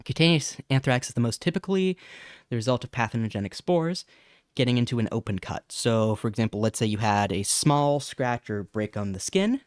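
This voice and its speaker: A man's voice: medium pitch, animated, a little fast, clear, resonant tone, no echo, clean studio sound. A man hosting a casual educational livestream on bacteria, chatting, reading chat messages, laughing and stumbling over terms. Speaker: science streamer.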